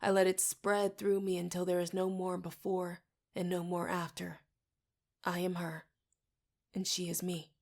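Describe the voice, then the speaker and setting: Gravelly-voiced woman reading an audiobook. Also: on the low side, flat delivery, measured pace, darkish tone. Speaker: audiobook reader. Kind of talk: first-person audiobook narration.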